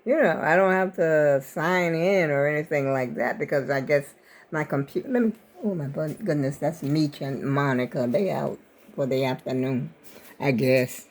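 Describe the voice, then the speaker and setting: A woman's voice: low voice, moderate pace. An older woman vlogger, rambling in casual chat to her viewers. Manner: rambling, chatty, talks to viewers as y'all.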